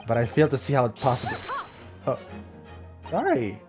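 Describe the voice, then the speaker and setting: A man's voice: medium pitch, normal speed. Male streamer doing all the dialogue voices in a game playthrough; faint game music underneath. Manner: switches between character voices, excitable reactions.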